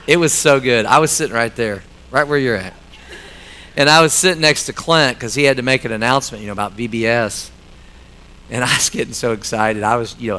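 Middle-aged male preacher, slightly high, bright voice, emphatic church sermon with casual asides. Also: normal speed, a little hiss or hum, low-quality recording. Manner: animated preaching, swings from loud emphatic lines to quiet asides; conversational, joking with the congregation. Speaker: pastor. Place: church sanctuary.

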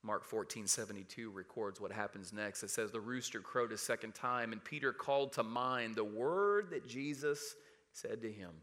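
A man preaching a sermon, calling on the congregation to say verses with him, swinging from loud emphasis to hushed quiet. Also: lowish voice, normal speed. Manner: preaching with rising emphasis and audience call-and-response. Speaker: pastor.

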